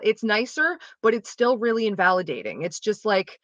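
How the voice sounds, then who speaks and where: A woman's voice: a little high, animated, a little fast, few pauses, dry recording. A young woman streamer chatting casually and frankly while she plays, explaining things and swearing freely. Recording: dull lo-fi dry sound.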